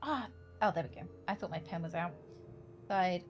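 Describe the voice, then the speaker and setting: A woman's voice: lowish voice, expressive, moderate pace, dull audio, faint music behind. A woman streaming a mystery game, thinking aloud, repeating herself and swearing casually. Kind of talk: casual live-stream commentary.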